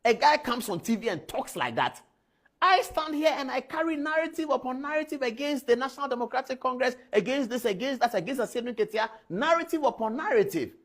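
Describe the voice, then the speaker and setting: A man's voice: very high-pitched, lively intonation, brisk, a bit bright. A man with a Ghanaian English accent giving impassioned studio commentary on the news, repeating names and phrases for emphasis.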